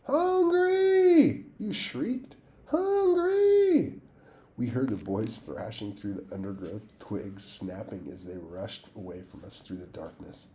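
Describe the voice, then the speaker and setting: Guy reading a kids novel out loud, deep dark voice, plain and steady, trips on a word now and then. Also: normal speed, few pauses. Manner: steady, plain reading with small slips and restarts. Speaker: audiobook reader.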